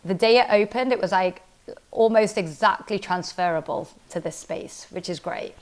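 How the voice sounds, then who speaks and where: A woman who founded a company, talking casually in an interview, quick and animated, full of "like" and "literally". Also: mid-range voice. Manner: fast, animated, heavy use of "like" and "literally". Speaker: startup founder and CEO, interview guest.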